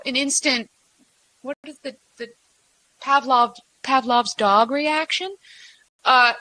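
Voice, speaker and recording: Bright, emphatic woman workshop speaker. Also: high voice, poor audio. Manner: emphatic, blunt and animated, with mock quotes. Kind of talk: lively workshop talk to a live audience.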